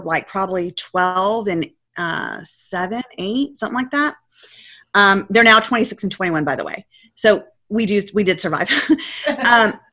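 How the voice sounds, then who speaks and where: A woman in her forties, a podcast guest, telling her story casually and acting out her own panicked quotes. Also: mid-range voice. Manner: animated, acts out her past self's panicked quotes.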